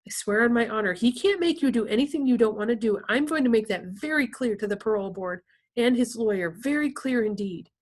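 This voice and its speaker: A woman's voice: a little high, expressive, fairly quick. A woman voicing an earnest school principal who reassures a boy in a soothing, insistent way. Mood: pleading.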